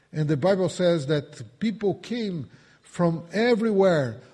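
Slow, mellow-voiced man preaching in a hall. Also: on the high side, breathy edge. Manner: emphatic, repetitive preaching with rising bursts. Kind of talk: sermon. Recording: reverberant hall.

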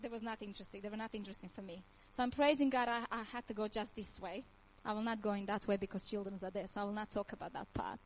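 A woman's voice: high voice, low-quality recording. A woman in her thirties from Croatia with a Croatian accent, telling her personal faith testimony in earnest, emotional English with frequent laughs. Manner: earnest, emotional, laughs often, nonnative grammar. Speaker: testimony speaker.

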